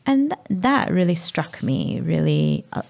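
A Maltese woman in her thirties, speaking candidly as a podcast guest, halting and sometimes dropping to a whisper. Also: on the low side, very animated, creaky, a little mellow. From Malta. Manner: halting, drops to a whisper at times. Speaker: guest, mother.

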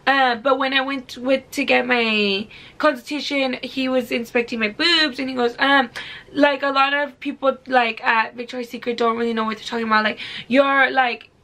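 A woman's voice: high voice, fairly even intonation, normal speed, bright, forceful tone. A young woman in her twenties from California, telling a story casually to camera in a chatty, filler-heavy way, swearing freely. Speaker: beauty vlogger.

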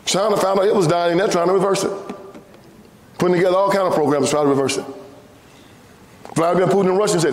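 A man with a Southern US accent delivers a fiery, sermon-style address from a church pulpit. His voice sits high and cuts through, hammering points home through repetition and climbing to shouts. The big sanctuary rings around him, with a long, roomy echo. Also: fast talker, long pauses. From Tennessee, US. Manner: preaching cadence, repetitive, rising to shouts. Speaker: guest speaker. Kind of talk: impassioned sermon-style speech. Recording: echoey church hall.

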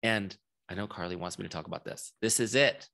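A man with a fairly low voice teaches a group in a relaxed, conversational way. He keeps checking in with his listeners and tosses them questions as he goes. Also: a little fast, vocal fry. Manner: casual, chatty, asks audience questions. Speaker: software founder and trainer. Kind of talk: live training talk to a group.

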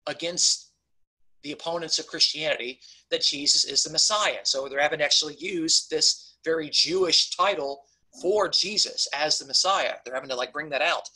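Bright, husky-voiced man teaching Bible class. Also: a little high, normal speed, poor audio. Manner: conversational, repeatedly checks in with "okay?"; emphatic on key points, frequent restarts. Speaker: pastor teaching a Bible study.

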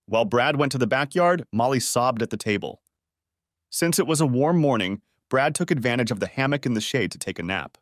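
Male narrator for audiobook reading, steady delivery, lively intonation. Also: mid-range voice, a little fast, no room sound, clean studio sound. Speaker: story narrator.

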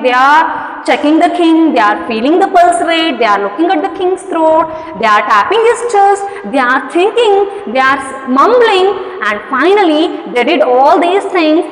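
A woman's voice: high-pitched, lively intonation, measured pace. A woman with a Kannada-influenced Indian English accent, teaching an English story lesson, repeating points and answering her own questions. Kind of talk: classroom lesson explaining a story. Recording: echoey room with long reverb.

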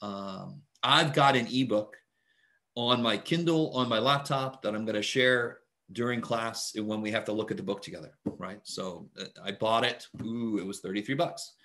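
A math instructor teaches over a video call, taking roll in a relaxed, chatty way full of fillers. His lowish voice moves at normal speed, picked up by a computer mic in casual online class talk.

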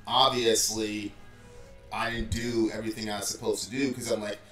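A man's voice: lowish voice, little pitch movement, moderate pace. Man telling a story, full of "like". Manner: loose, filler-heavy, says "like" and "bro" constantly. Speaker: former call center supervisor. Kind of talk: casual storytelling. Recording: roomy and distant from the mic, faint music.

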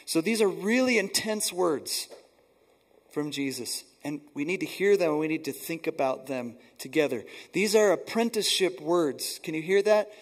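A man's voice: a little high, lively intonation, moderate pace, slightly rough. A man preaching a sermon as pastor, earnest and emphatic, often repeating words for stress. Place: church sanctuary.

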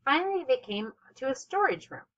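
A woman reading a children's novel aloud as narrator, with expressive, steady storytelling. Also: high voice, a little fast, lo-fi sound. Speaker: audiobook narrator. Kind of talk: scripted narration.

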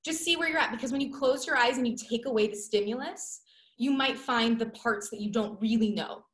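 High-voiced woman teaching dance online. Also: brisk. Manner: energetic, playful, counts beats aloud. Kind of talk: online dance class instruction. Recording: roomy echo.

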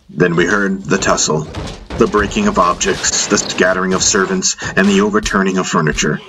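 A man narrating a fantasy audiobook in the first person, in a measured storytelling manner. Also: deep voice, steady tone, noisy background.

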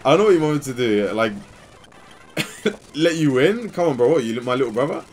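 A young man telling a rambling, animated story while playing a video game. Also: medium pitch, a little hiss or hum. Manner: rambling and animated, quick bursts of excitement. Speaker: gaming channel host. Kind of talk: casual let's play storytelling.

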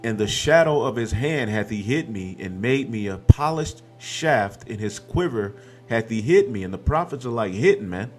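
A man's voice: fairly low pitch, lively intonation, normal speed, soft background music. Man preaching, peppering with "okay". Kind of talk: scripture-reading sermon.

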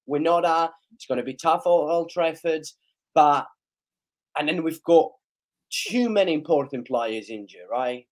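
Excitable hoarse man reacting to a live match. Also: fairly high pitch, measured pace. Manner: excitable, repeats chants and cheers, shouting at big chances. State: slightly hoarse voice. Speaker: live stream host, fan of the team.

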